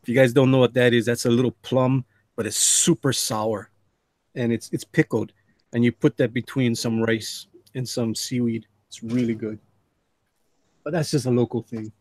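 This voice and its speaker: A man's voice: medium pitch, fairly even intonation, normal speed, a little mellow, no echo, studio quality. A man hosting a live drawing stream, chatting casually with call guests and reading chat messages aloud in a laid-back way. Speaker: livestream host and artist.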